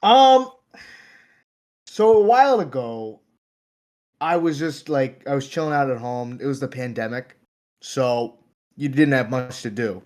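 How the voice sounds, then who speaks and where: Young man with a Long Island accent, mid-pitched, loose, swears a lot; podcast guest. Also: fairly even intonation, normal speed. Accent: Long Island New York. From Long Island, New York. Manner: loose and profane, jumps into loud mock voices. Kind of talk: casual podcast chat.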